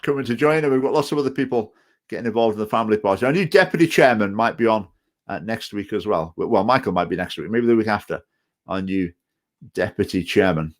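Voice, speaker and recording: A man's voice: fairly low pitch, expressive, quick pace. Hesitant Stoke-on-Trent man, chatty. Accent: Stoke-on-Trent English with some Scottish phrases. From England. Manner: hesitant, repeats words, digressive opinionated talk. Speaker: party chairman answering viewer comments. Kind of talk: casual live-stream chat reading out comments.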